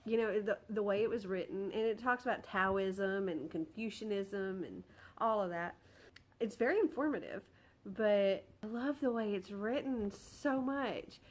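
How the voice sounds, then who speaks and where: A woman's voice: medium pitch, a little slow. Bubbly young woman book vlogger. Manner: bubbly, excitable, giggly. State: tired. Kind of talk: casual vlog chat.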